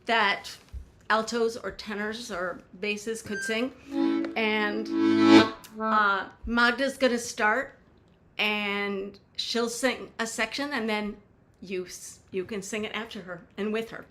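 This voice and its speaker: A woman's voice: mid-range voice, fairly even intonation, slow, music in the background. A woman song leader teaching a folk song, explaining pronunciation step by step in an upbeat way.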